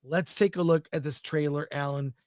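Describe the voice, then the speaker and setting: A man's voice: fairly high pitch, steady tone, normal speed, darkish tone, no echo, studio quality. Chatty enthusiastic man co-hosting a film show. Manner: chatty, enthusiastic, describes images aloud. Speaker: podcast co-host. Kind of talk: casual film chat.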